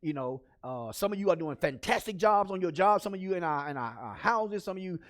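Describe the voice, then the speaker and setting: A man talks into a camera with a high voice that swings widely in pitch. He encourages his listeners over and over, and now and then bursts out loud. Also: fairly quick. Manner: encouraging, repetitive, animated with sudden loud outbursts. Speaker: leadership speaker. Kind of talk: motivational talk to camera.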